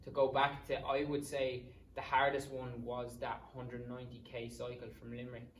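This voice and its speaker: A man's voice: medium pitch, completely flat delivery, normal speed, slight background noise. A young Irish man in his twenties, a podcast guest telling stories in a casual, rambling way, swearing freely and drifting into asides. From Ireland. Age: 20s. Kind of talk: casual storytelling. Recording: roomy sound, distant mic.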